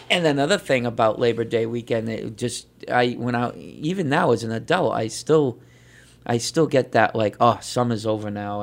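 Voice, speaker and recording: Low, gravelly man co-hosting radio. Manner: rambling, hesitant, many fillers. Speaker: radio show co-host. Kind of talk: casual morning radio chat.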